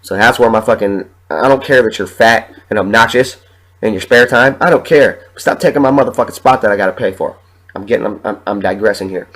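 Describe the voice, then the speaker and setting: Poor audio carries a man's fairly low, fairly bright voice as he hosts a podcast at a brisk clip. Though sick and coughing from a sore chest, he rants through heated, profanity-laden stories in a casual monologue.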